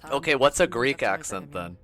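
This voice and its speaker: A man's voice: medium pitch, fairly bright tone. Laughing man streaming a game. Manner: joking, laughing, chatty. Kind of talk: casual gameplay commentary and reading aloud.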